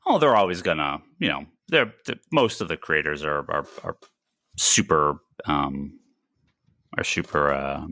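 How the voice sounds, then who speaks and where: A man's voice: extremely low pitch, expressive, a little slow, bright, forceful tone, dry recording, clean studio sound. A man hosting a podcast in casual chat, rambling with many restarts and swearing freely. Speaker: podcast host.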